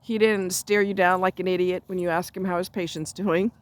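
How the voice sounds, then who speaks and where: A woman's voice: lowish voice, steady tone, brisk. A woman telling a story in casual chat, blunt and salty with frequent asides, recorded outdoors near a road while walking her dog. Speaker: vlogger.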